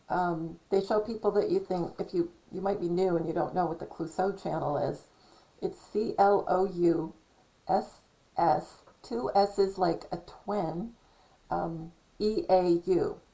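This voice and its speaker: A middle-aged woman talking in a rambling, casual monologue, hesitant and full of ums and self-corrections, a little hoarse from losing her voice. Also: fairly low pitch, warm tone, low-quality recording. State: losing her voice, clearing throat. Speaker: channel host.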